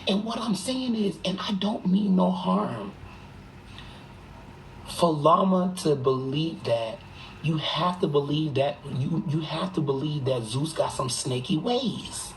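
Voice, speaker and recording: A live streamer talking at home into a phone, in rapid, emphatic and profane gossipy livestream chat, sometimes hushed. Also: medium pitch, expressive, a little hiss or hum, poor audio. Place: room at home.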